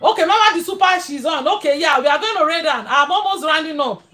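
A woman's voice: high voice, animated, fast. A Nigerian woman hosting a casual live stream, thanking viewers and blessing them. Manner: warm blessings, frequent laughter.

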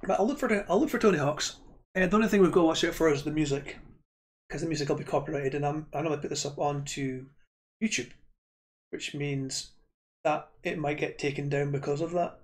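A man's voice: on the high side, steady tone, fairly quick. A Scottish man streaming retro games, chatting casually and rambling to his viewers with frequent restarts.

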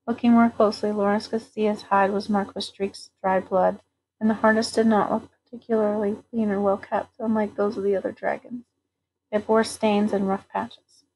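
A woman narrating a novel aloud at a steady, even pace. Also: mid-range voice, moderate pace, a little hiss or hum, rough recording. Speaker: audiobook reader.

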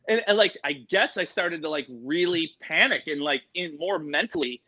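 A middle-aged man, a guest animal expert, telling stories in an excitable, rambling way full of fillers and quoted voices. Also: on the high side, moderate pace. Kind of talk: excited storytelling in casual interview. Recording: dull lo-fi sound.

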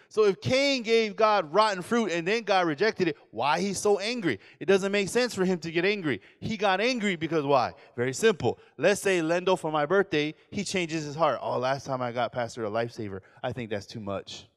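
A pastor in his forties gives a lively sermon lecture in a large hall, acting out quoted voices and questioning his audience. His voice sits high, and he speaks at a normal speed with hardly any pauses.

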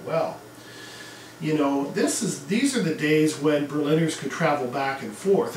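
A man's voice: on the high side, a little hiss or hum. A man giving a casual history lecture to a class, talking in a conversational way with asides and fillers. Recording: echoey room, mic at a distance.

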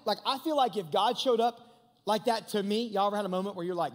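Young male youth pastor, high voice, lively and conversational preaching, long reverb from a big hall. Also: brisk. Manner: animated, conversational preaching with asides to the crowd. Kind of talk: youth sermon. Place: large hangar used as a church hall.

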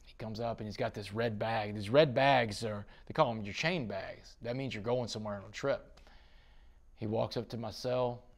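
A man's voice: on the low side, normal speed. A man from Texas, a podcast guest telling a dramatic story in an interview. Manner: dramatic storytelling, rising to excited bursts.

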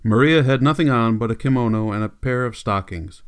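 A man's voice: mid-range voice, fairly quick, clean tone. Man narrating a classic novel. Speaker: audiobook narrator. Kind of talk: scripted narration.

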